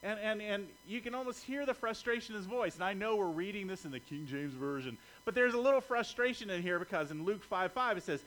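A man's voice: high voice, brisk, few pauses, fairly bright tone, a little hiss or hum, low-quality recording. A middle-aged male pastor preaching a sermon in a conversational way, often checking in with his listeners.

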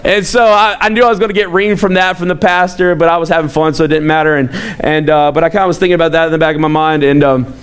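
Animated storytelling male pastor. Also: on the high side, fast talker, clear, resonant tone. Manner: animated, self-mocking, acts out quoted lines. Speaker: youth pastor. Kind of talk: storytelling talk.

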